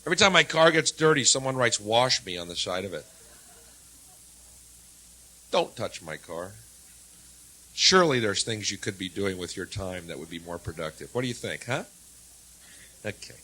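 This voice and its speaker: A man from the United States doing a sardonic stand-up set, swinging from low mutters to loud jabs on a handheld stage mic. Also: expressive, moderate pace, long pauses. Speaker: stand-up comedian.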